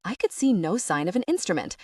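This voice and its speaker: A woman's voice: mid-range voice, fairly quick, husky, dry recording. A woman reading a first-person audiobook in a wry, sarcastic teenage voice. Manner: wry, sarcastic teen voice with animated asides. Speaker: audiobook narrator.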